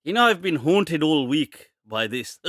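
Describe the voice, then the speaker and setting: A man's voice: on the high side, fairly bright tone, no echo, clean studio sound. A man hosting a live-stream question-and-answer show, joking and laughing often and slipping in Urdu phrases. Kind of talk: casual live-stream chat.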